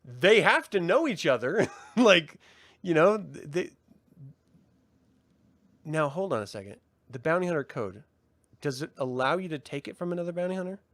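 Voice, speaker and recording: A man co-hosting a casual review podcast, talking in an animated way, swearing and mocking in impressions. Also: fairly high pitch, moderate pace, long pauses, no room sound. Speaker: podcast co-host.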